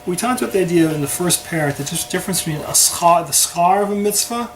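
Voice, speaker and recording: A man's voice: high-pitched, fast. Man teaching a Torah class, noisy recording. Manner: conversational, keeps asking "right?". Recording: steady background noise.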